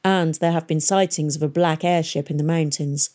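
Grave airship captain, matter-of-fact, mellow tone, woman reading. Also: deep voice, steady tone, normal speed, natural voice. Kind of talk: audiobook character voice.

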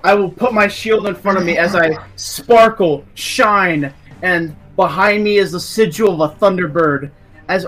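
A man's voice: high voice, fairly bright tone. A young man playing a tabletop game, theatrically describing his character's actions. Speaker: player.

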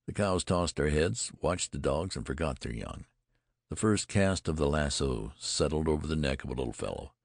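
A man narrating an adventure audiobook in a measured, dramatic storytelling manner. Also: rumbling low, gravelly, dry recording, clean studio sound.

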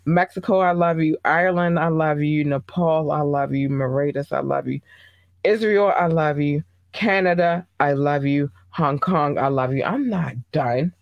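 A show host from Baltimore giving casual, effusive and affectionate shout-outs to listeners, with big playful jumps in pitch. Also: moderate pace, vocal fry, no echo, muffled recording. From Baltimore, Maryland. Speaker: podcast host.

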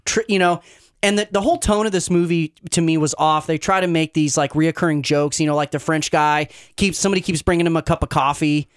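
A man's voice: on the high side, steady tone, fairly quick, clear, resonant tone. A man on a podcast, chatting critically with lots of fillers like "you know" and "like". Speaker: podcast co-host. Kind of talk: casual chat.

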